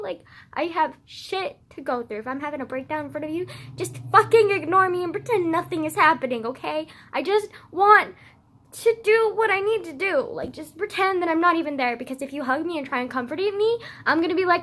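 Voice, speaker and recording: A teenage girl telling a story in a casual rant, peppered with "like" and swearing, dropping to low mutters and then flaring up loud. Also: animated, fairly quick. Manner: swearing, frequent "like" fillers, swings from low mutters to loud outbursts. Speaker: vlogger.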